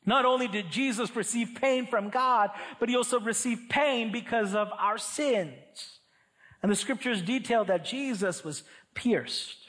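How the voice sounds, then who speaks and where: A man preaching a sermon, earnest and emphatic, reading scripture aloud in a measured voice and then rising and falling in pitch and volume to stress his points. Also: animated, fairly bright tone.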